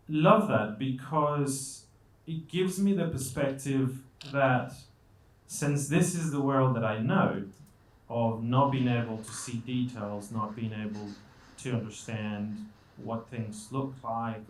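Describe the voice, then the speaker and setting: A man speaking to an audience in a conversational, reflective way. His voice sits at a middle pitch. The room around him is roomy and echoing. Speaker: event speaker. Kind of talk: talk to an audience. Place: event venue. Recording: echoey room.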